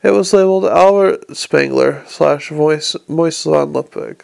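Male narrator, gravelly, a little high, even and unhurried. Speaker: audiobook reader. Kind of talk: audiobook narration.

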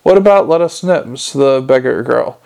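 Cool dry young guardswoman voiced by a man, gravelly tone, storybook. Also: mid-range voice, animated, moderate pace, darkish tone.

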